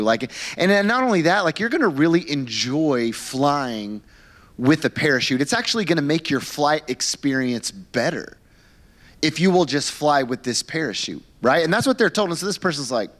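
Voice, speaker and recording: A man's voice, on the high side and at normal speed, fills a church as this pastor delivers his sermon. He tells it like an animated, conversational story, often using fillers and repeating words.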